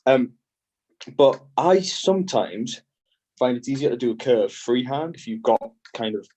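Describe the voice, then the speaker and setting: A man's voice: mid-range voice, expressive, measured pace, warm tone, slightly rough, poor audio. A man with hiccups, patiently explaining step by step how he cuts kite panels. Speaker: kite builder demonstrating. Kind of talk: step-by-step craft instruction.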